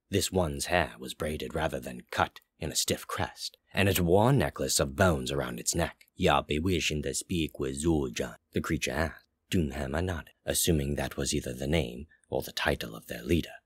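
A man narrating a fantasy story aloud in a slow, measured way. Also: a bass voice, slightly rough, dry recording, studio quality. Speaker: story reader. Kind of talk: audiobook narration.

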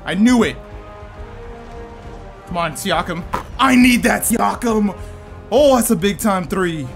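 A man giving lively commentary over his own basketball video game match, talking to himself and his viewers and breaking into sudden shouts. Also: high-pitched, slow pace, gravelly, soft background music. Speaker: gaming YouTuber. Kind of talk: live gameplay commentary.

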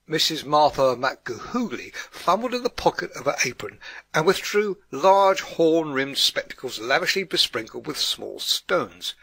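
A man giving a steady scripted audiobook narration. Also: fairly high pitch, slightly rough, no echo. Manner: steady storytelling read.

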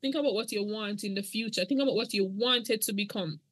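A woman's voice: mid-range voice, brisk, breathy edge, no room sound. A middle-aged woman, earnestly telling her own story as a podcast guest. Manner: earnest, emotional, church-toned. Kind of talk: podcast interview testimony.

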